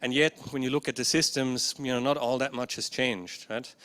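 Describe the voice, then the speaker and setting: A man's voice: medium pitch, steady tone, normal speed, a bit bright, smooth. A man presenting a conference workshop session into a microphone indoors. He speaks hesitantly, with many fillers, and often checks in with the audience. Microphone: handheld or stand microphone.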